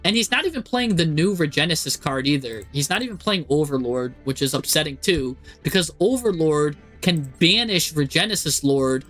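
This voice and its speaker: Male streamer, high-pitched, live play-by-play, exasperated and animated, faint music underneath. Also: normal speed, few pauses. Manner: exasperated, animated, talks to the screen. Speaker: streamer commentating a card game. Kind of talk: live game commentary.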